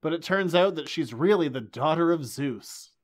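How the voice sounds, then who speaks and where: A man's voice: a little high, normal speed. A man in his late twenties co-hosting a comics podcast, chatting casually and joking animatedly. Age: late 20s. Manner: joking, animated, laughs often. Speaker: podcast co-host. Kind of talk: casual chat.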